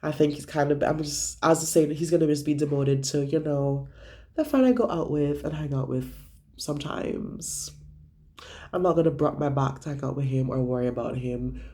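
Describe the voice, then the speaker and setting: A man's voice: fairly high pitch, normal speed, dark tone. A young man vlogging about his week in a gossipy, profane way, acting out what friends said. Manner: gossipy, profane storytelling with acted-out quotes. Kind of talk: casual chat.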